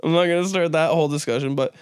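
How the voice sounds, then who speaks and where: A young man with a smooth, clear voice sitting a little high for a man, riffing through a comedy monologue. He rambles and curses, swinging into mock-serious asides. The sound is dry and close, with no room around it. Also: rapid-fire, no echo. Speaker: podcast host.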